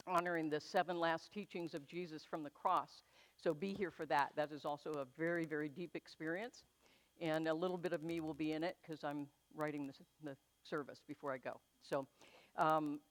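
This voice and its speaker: Low-voiced woman minister leading a service. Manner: chatty and self-deprecating, then slow and soothing. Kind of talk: church announcements and guided meditation. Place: church sanctuary with congregation.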